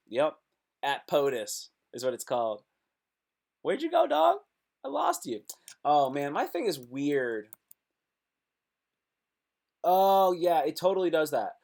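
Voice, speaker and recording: A man chatting casually on a live stream, reading comments and reacting with sudden loud outbursts. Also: mid-range voice. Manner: animated, talks to himself and chat, sudden loud outbursts.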